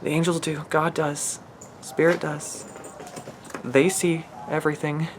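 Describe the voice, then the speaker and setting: A man's voice: a little high, little pitch movement, a little slow, noisy background. A man giving a channeled spiritual reading in an emotional, earnest way, rambling and restarting his sentences. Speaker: spiritual reader.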